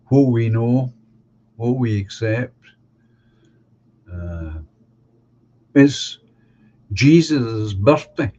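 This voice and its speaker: A man hosting a live stream, chatting casually and giving opinions, halting and restarting as he talks. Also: medium pitch, a little mellow. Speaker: live stream host reading viewer comments. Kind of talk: casual chat. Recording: dull lo-fi sound with faint hum.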